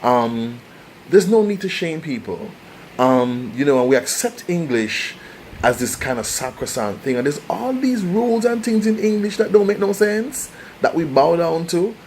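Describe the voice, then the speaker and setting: Young Jamaican man, impassioned vlogger, sweeping animated intonation, slight background noise. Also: a little high, normal speed, rough recording. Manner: passionate, preachy, rhetorical questions. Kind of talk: opinionated commentary to camera.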